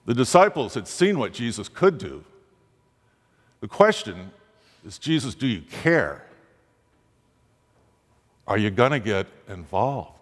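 A man's voice: very animated, takes it slowly, long pauses. A man preaching a sermon, dramatic, his voice rising sharply on the pleading questions he voices. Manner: dramatic, rising pitch on quoted pleas. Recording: long hall reverb.

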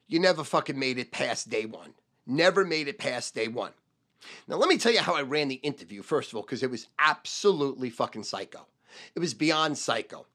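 A middle-aged man, a sales trainer giving a profane motivational rant and shouting repeated keywords. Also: fairly high pitch.

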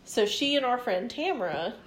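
A woman spins a story for a podcast in an animated, foul-mouthed way, voicing the people in it as she goes. Her voice sits a little high for a woman. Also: normal speed. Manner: animated, profane storyteller who acts out quotes. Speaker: podcast co-host telling a story. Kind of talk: casual podcast chat.

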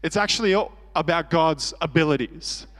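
Earnest Australian preacher in a reverberant hall. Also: male voice, a little high, normal speed, fairly bright tone. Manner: earnest, conversational preaching with self-deprecating humor. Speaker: pastor. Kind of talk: sermon.

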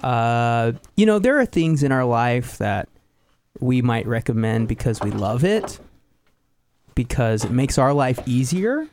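A man's voice: medium pitch, sing-song, unhurried, a little mellow, a little hiss or hum. A young man hosting a podcast, chatting casually and rambling with many fillers. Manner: rambling, easygoing, frequent fillers. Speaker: podcast host. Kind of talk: casual chat.

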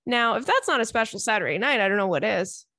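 A woman's voice: mid-range voice, lively intonation, quick pace, sharp tone, no room sound. A woman hosting a casual solo podcast from home, telling candid, profane stories in a chatty way. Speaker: podcast host. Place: home, indoors.

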